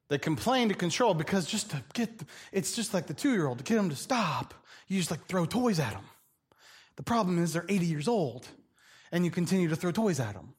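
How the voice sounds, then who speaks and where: A man's voice: high voice, big pitch swings, fairly quick, slightly rough. A male preacher giving a humorous, conversational sermon. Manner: jokey, acts out characters, conversational.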